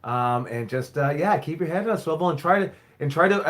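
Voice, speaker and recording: A man's voice: on the high side, lively intonation, fairly quick, few pauses, fairly bright tone, slight background noise. A man who owns and coaches a wrestling school, answering viewer questions in a casual live stream, rambling, repeating himself and swearing now and then.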